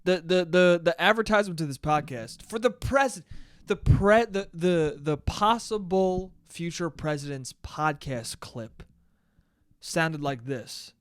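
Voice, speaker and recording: A man's voice: a little high, unhurried, no room sound. A young man hosting a solo podcast, rambling and joking with lots of swearing. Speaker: podcast host. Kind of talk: solo casual podcast rant.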